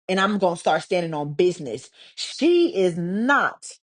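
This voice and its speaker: A woman's voice: on the low side, sing-song, a little slow. A young woman from Texas hosting a casual solo podcast, swearing freely and ranting with heated sarcasm. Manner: profane, heated and sarcastic, mocking others in put-on voices. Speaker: podcast host.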